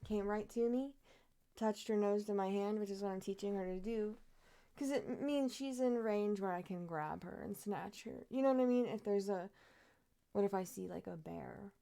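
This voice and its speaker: A woman's voice: medium pitch, normal speed, gravelly, dark tone. A young woman streamer chatting casually and cooing in baby talk at her cat.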